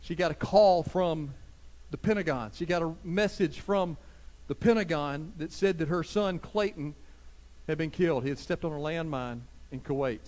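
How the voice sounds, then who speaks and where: High-voiced preacher man. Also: normal speed. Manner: earnest preaching, swinging between loud emphasis and soft hushed lines; conversational, addresses listeners directly. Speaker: pastor. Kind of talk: sermon.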